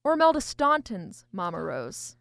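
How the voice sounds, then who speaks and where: A woman's voice: medium pitch, sing-song, moderate pace, vocal fry, fairly bright tone, no room sound. Woman on a chat podcast, laughy and flustered, keeps restarting, dry close mic. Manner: effusive, laughing, stammering while deciding. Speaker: podcast co-host. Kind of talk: casual chat game.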